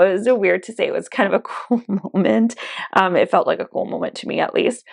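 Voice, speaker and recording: A young woman talks to her camera while doing her makeup, in a casual get-ready-with-me chat. Her voice sits in a middle pitch with a strong gravelly fry, and she confides in her viewers with plenty of "like" and "you know.". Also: a little mellow, dry recording, studio quality. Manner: chatty, confiding, many fillers like "you know" and "like". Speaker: beauty vlogger.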